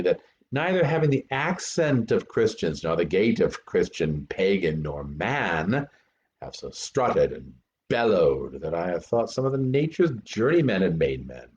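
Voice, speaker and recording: A man reading a play aloud as Hamlet, an earnest young prince lecturing actors, with animated, deliberate verse delivery. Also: sits low. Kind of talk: amateur dramatic reading. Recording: dull lo-fi recording.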